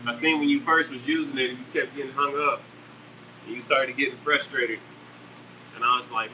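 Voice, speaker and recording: A man's voice: mid-range voice, a little fast, recorded from a distance. Upbeat man chatting on a live stream. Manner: chatty, upbeat, reads out viewers' comments. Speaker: livestream host selling fishing jigs. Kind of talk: casual live-stream chat. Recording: steady air conditioner hum behind.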